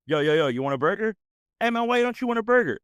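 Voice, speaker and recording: A man's voice: sits high, big pitch swings, fast, a bit bright, clear, resonant tone, dry recording, dull audio, voice pushed up. A man imitating a pestering young man who keeps needling and mocking him. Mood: taunting.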